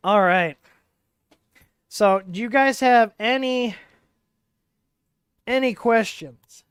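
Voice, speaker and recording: Speaking into a wireless mic, a man hosts a casual hands-on tech livestream, rambling through plenty of fillers as he explains the hardware he's working on. His voice is very high and a bit bright, smooth and slow-paced. The recording is studio quality with no echo.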